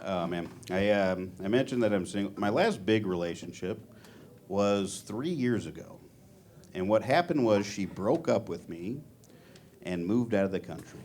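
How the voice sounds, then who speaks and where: A man doing a stand-up comedy set on a club stage, with a deadpan, self-deprecating delivery. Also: lowish voice, moderate pace, slight background noise. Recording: live club audience. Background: laughing audience.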